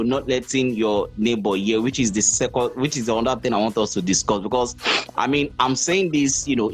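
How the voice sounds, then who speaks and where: A man of middle pitch hosts a casual podcast chat. He thinks aloud as he talks, winding through his questions with lots of fillers. Faint music sits under his voice. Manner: rambling and thoughtful, with many "you know" fillers. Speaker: podcast host.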